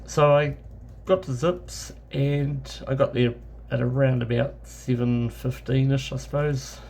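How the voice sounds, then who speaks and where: Rambling New Zealand man with gravelly voice. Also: mid-range voice, steady tone, measured pace, a little mellow, slight background noise. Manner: rambling anecdotal, with many self-corrections and fillers. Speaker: travel vlogger. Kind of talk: casual travel storytelling.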